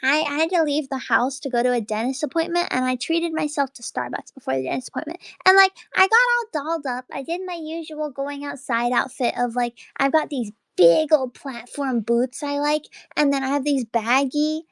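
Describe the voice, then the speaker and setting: A high-pitched woman streamer rambles through a casual late-night chat. She is excitable and breaks into laughter often. The sound is dry and close. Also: moderate pace, gravelly, hardly any pauses, no room sound.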